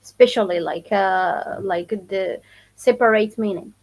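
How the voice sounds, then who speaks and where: A woman from Morocco with a Moroccan accent, teaching her language in a live online lesson, slow and careful, repeating phrases and answering viewer comments. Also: mid-range voice, poor audio. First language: Moroccan Arabic.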